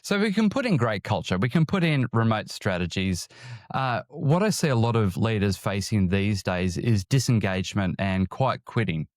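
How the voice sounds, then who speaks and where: A man hosting a podcast interview, asking questions in a measured, deliberate way. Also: on the low side, lively intonation, no room sound, clean studio sound. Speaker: podcast host.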